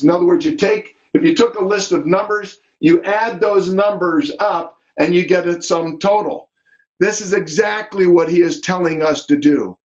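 A man preaches slowly from the pulpit in a fairly high voice, pressing each point by saying it again and again. He reads scripture in its old wording. The recording is dull and lo-fi. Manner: repeats key phrases for emphasis. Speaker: pastor. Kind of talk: sermon. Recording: dull lo-fi sound.

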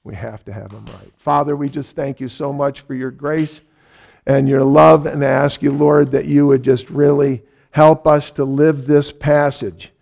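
Middle-aged pastor guy preaching, fairly high voice, repeats himself to hammer points home. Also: creaky. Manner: animated storyteller, repeats phrases for emphasis; ends in a quiet closing prayer. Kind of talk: sermon with a personal story.

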